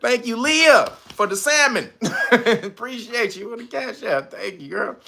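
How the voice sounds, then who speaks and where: A man hosting casual political commentary, profane and animated, laughing often. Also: extremely high pitch, slow pace, creaky. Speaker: commentary channel host.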